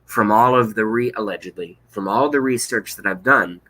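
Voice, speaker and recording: A man's voice: lowish voice, moderate pace, few pauses, bright, forceful tone. A man in his thirties ranting on a live stream, blunt, sarcastic and profane, reading out chat comments. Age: 30s. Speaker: political vlogger.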